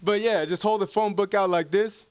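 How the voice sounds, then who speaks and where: Laughing constantly and swearing freely, a podcast co-host in his 20s tells animated stories in casual conversation. His voice is high-pitched and moderately paced, with a clean tone and no echo.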